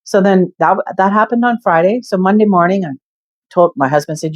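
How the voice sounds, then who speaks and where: A woman's voice: medium pitch, fairly quick, no room sound, highs cut off. An older woman frankly telling a personal story to her viewers, emphatic and candid. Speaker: vlogger.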